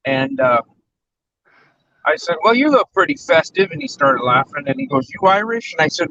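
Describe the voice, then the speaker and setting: A man telling a loose, rambling anecdote, full of fillers and pauses. His voice is fairly high. It comes through dull and lo-fi with a faint hiss behind it. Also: very animated, sharp tone. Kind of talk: casual storytelling.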